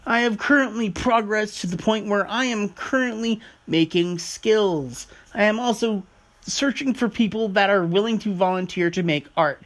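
A man hosting his own podcast in a casual, rambling monologue, swearing freely as he talks. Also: high-pitched. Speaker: podcast host.

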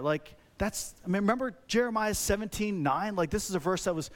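A fairly high-voiced man preaching a sermon. He speaks like a pastor in conversation with his congregation, tossing out rhetorical questions. His delivery is animated and personal. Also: fast talker, hardly any pauses.

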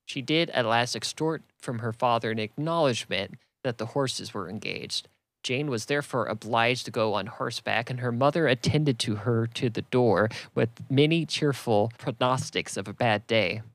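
A man's voice: mid-range voice, normal speed, dry recording. A man reading a classic novel aloud as a plain audiobook narration, voicing the characters only lightly. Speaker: reader.

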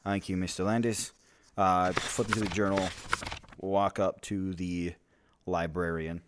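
A man's voice: low voice, a little slow, heavy background noise. A man playing in a tabletop role-play game, joking and bantering as he acts out his character. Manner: jokey, lively player banter. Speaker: player.

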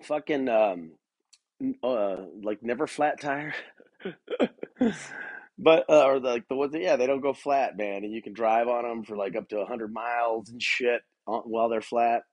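A man's voice: medium pitch, a little mellow, dry recording. A man hosting his own podcast, rambling through a profane solo rant, laughing often and restarting his sentences. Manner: halting, many restarts and fillers. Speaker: podcast host.

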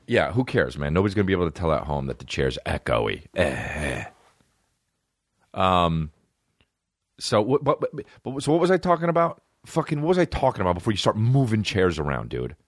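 A man in his thirties rants through a casual comedy podcast, swearing and hopping from topic to topic. His low voice swings widely in pitch as he mimics other people. The sound is close and dry. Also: big pitch swings, normal speed, dry recording. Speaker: podcast host. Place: small indoor room with a creaky chair.

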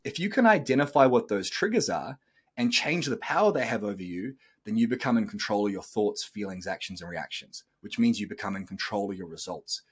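A man's voice: lowish voice, animated, brisk, breathy edge. Blunt, swearing male podcast host. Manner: blunt, swears freely, coaching tone. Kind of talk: casual podcast talk.

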